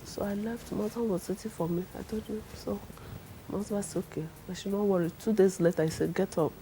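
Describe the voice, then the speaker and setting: A middle-aged woman, telling her testimony in a lively way and acting out the people she quotes. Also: mid-range voice, fast, noisy background. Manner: acts out the people she quotes, laughs often. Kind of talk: animated storytelling.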